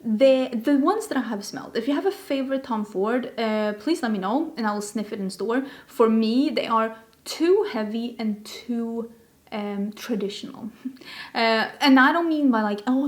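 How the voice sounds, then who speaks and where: Chatty woman vlogger, slightly high voice. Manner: chatty and rambling, with self-deprecating asides. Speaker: beauty vlogger host. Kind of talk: casual chat.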